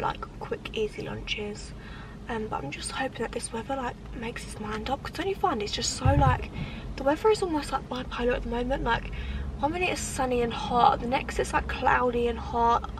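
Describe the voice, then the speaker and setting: A woman in her 20s vlogs casually to the camera outdoors at a shopping area, with a noisy background. Her voice is fairly high; she's tired and yawning, chatting in a rambling way with lots of fillers.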